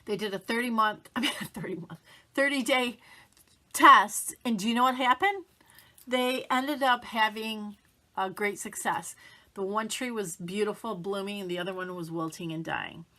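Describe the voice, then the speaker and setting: A woman's voice: medium pitch, moderate pace, sharp tone. A middle-aged woman giving a casual, upbeat motivational talk to camera, chatty and acting out the things people say to themselves. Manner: chatty, upbeat, acts out quoted self-talk. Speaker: motivational vlogger.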